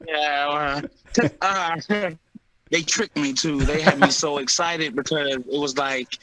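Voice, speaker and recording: Bright-voiced animated fighter telling stories. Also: male voice, on the high side, takes it slowly, no echo, low-quality recording. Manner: animated storyteller, laughs often, acts out quotes. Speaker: UFC heavyweight fighter, guest. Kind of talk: casual interview chat.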